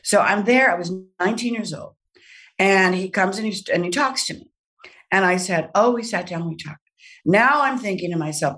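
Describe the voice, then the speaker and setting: Older woman telling an animated story, a bit distant. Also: medium pitch, moderate pace. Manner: animated anecdote with laughs and quoted voices. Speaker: guest. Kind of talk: storytelling in a podcast interview.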